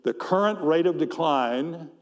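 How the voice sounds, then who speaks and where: An older man giving a conference presentation on economics, explaining his slides in a measured way and often repeating words as he goes. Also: a little high, lively intonation, in a large hall.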